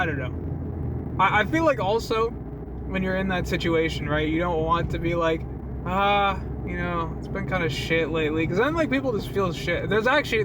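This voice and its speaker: A young man talks to his camera in a loose, rambling way, with a lot of laughter and swearing. His voice sits high for a man. His sentences often stall and restart. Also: background noise. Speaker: vlogger. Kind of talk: casual rambling vlog.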